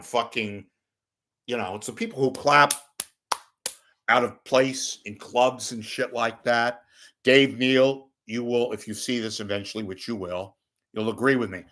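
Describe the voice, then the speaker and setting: A man's voice: mid-range voice, unhurried, pauses often, fairly bright tone, slight background noise. A man hosting a call-in show, talking in a casual, rambling monologue that is blunt, profane and full of wisecracks.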